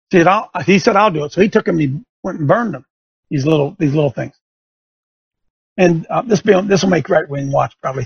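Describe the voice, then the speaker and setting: A middle-aged man hosts his show, telling a homespun story and hammering home a lesson like a preacher. His voice sits high and husky, with a gravelly edge. The sound is dry and a little muffled. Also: dry recording. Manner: folksy storytelling, rising to emphatic exhortation. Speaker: show host. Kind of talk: preaching radio monologue. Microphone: studio microphone.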